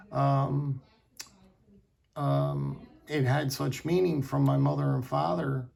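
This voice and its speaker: A middle-aged man telling rambling, halting, sentimental stories about his knives in a casual vlog. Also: mid-range voice, creaky, mellow. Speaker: knife collector vlogger. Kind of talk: casual storytelling to camera.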